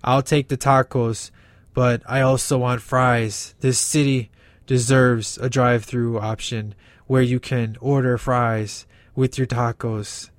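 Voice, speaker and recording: A man voicing a brooding male caped vigilante in a comedy skit, growling and breathing heavily with awkward pauses. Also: medium pitch, little pitch movement, no echo, natural voice. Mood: grumpy stubborn. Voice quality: growling, heavy breathing, shouty. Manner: grumpy and stubborn with awkward pauses.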